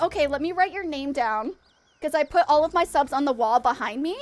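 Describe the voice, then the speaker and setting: Very high-voiced bubbly woman streamer. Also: a little fast. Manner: bubbly and excitable, laughs often. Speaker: variety streamer. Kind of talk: live game stream chat.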